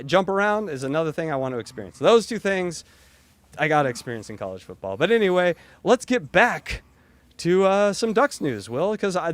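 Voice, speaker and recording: High-voiced, jokey sports podcast man. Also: no echo. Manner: loud, profane, jokey, bursts into singing. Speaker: podcast co-host. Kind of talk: casual sports chat.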